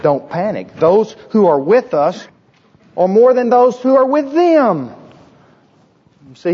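A man preaching a sermon with a husky voice, emphatic and repetitive, asking the congregation rhetorical questions. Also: high-pitched, darkish tone, long reverb tail, lo-fi sound. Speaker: pastor.

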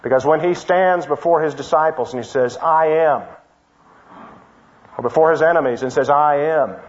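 A pastor delivering a measured, explanatory expository sermon, teaching verse by verse. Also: male voice, a little high, lo-fi sound.

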